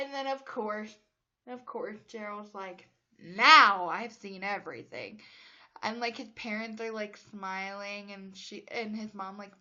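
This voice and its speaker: A woman's voice: mid-range voice, a bit bright, muffled recording. Chatty young woman recapping a movie, stuffy. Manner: chatty, filler-heavy, emotional, laughs often. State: stuffy from allergies. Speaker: movie reviewer. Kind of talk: casual retelling of a movie.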